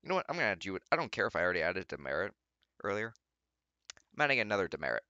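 A young man with a low but bright voice rants sarcastically about bad writing from his computer. His pitch leaps all over as he mocks and groans, and the sound is close and dry. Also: very animated, very fast, dry recording, dull audio. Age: young adult. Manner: exasperated, mocking rants with profanity. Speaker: channel host reading fanfiction aloud. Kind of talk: sarcastic reading commentary.

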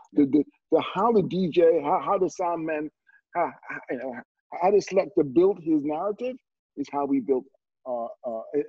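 A man, a film director, speaking on a panel in a halting way, restarting often as he searches for words. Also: on the high side, breathy edge, no room sound, lo-fi sound. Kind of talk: panel discussion.

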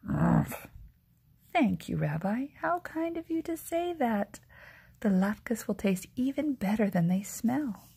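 A woman voicing a kindly, fussy old grandmother in a whispered role-play, soft, doting and chatty. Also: a little high, animated, slow, creaky, breathy edge, exaggerated voice.

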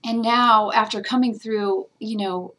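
A woman's voice: a little high, steady tone, unhurried, fairly bright tone. A woman talking in a personal vlog, earnest and tender, emotional as she shares a spiritual reflection. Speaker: spiritual guidance vlogger. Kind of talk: heartfelt personal vlog talk.

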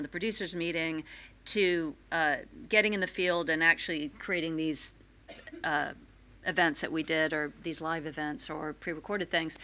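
Bright-toned American woman, wry and playful. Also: fairly low pitch. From United States. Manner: wry, playful, with many 'um' and 'uh' pauses. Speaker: former TV presenter, panel guest. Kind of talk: reflective anecdotal talk at a live Q&A. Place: stage at a live film-institute Q&A event.

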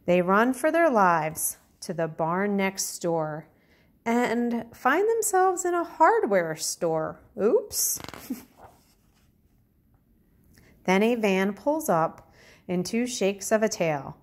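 A woman kindergarten teacher reading a picture book aloud to young children, talking clearly and encouragingly. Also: medium pitch, big pitch swings, takes it slowly, pauses often. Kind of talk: storybook read-aloud lesson for children.

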